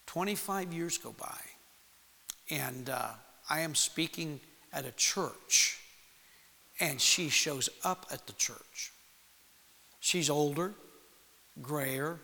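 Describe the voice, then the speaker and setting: A man preaching, telling a personal story to young people in an animated way and acting out the voices in it. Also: on the high side, gravelly. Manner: animated storytelling with acted-out quotes. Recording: long hall reverb.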